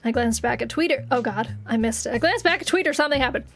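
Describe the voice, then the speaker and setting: A woman's voice: on the high side, fast, few pauses, fairly bright tone, faint music behind. A woman streamer reading a visual novel game aloud on a live stream, with giggly, chatty asides and playful exclamations.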